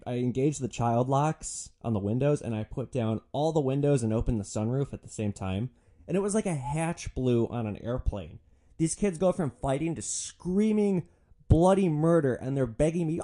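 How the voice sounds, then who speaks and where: A man's voice: medium pitch, a little fast. Sardonic young man telling a story. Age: young adult. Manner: sardonic, profane, animated. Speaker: podcast host, former rideshare driver. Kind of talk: comedic storytelling monologue.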